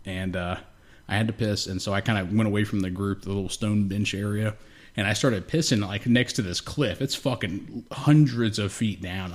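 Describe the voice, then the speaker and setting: Profane rambling man, low voice. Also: moderate pace. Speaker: podcast co-host. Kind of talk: casual chat.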